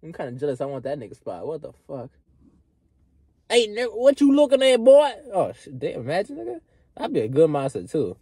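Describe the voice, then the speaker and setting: Animated husky young man ranting. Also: fairly high pitch, brisk, no room sound. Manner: loud, profane, swings between shouting and muttering. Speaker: vlogger. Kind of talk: unscripted rant to camera.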